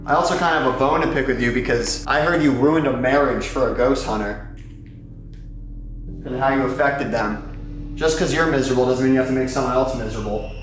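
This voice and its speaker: A young man with a drawl runs a ghost hunt in a dark basement, talking straight to his viewers and to any spirits listening. He sounds jumpy and excitable, with his middling voice echoing around the room while faint music plays behind him. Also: medium pitch, a little fast. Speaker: paranormal investigator and host. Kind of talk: casual vlog narration during a ghost hunt. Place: dark basement of an old club. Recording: echoey room.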